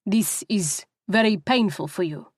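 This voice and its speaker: A woman's voice: medium pitch, measured pace, no room sound, studio quality, lightly acted. A woman voicing a male cab driver who speaks broken English in a cheerful, matter-of-fact way. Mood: blunt.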